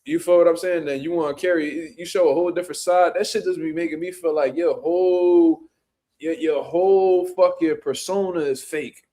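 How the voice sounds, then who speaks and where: An animated man reacts to boxing news in casual commentary. His voice sits a bit above the usual male range. His talk is blunt, slangy and full of swearing as he rants. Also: a little high, moderate pace. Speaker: boxing commentary show host.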